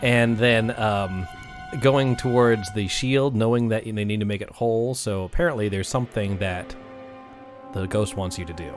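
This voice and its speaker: A man's voice: lowish voice, moderate pace. A man narrating and running a tabletop fantasy game as game master, in a playful, teasing manner. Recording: faint background music.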